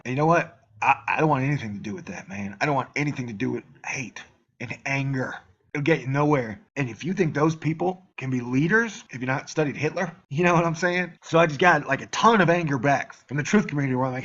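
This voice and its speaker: A man's voice: medium pitch, quick pace, fairly bright tone. Man ranting angrily, dull lo-fi sound. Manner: heated, profane, mocking voices of critics. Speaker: YouTube channel host. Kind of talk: angry solo rant to camera.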